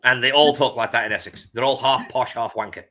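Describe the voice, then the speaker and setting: A man chats fast on a casual podcast, dropping British slang and cheeky jabs. His voice is bright and forceful, and he pitches his points with a blunt, teasing edge. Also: fairly even intonation. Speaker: podcast co-host. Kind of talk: casual chat.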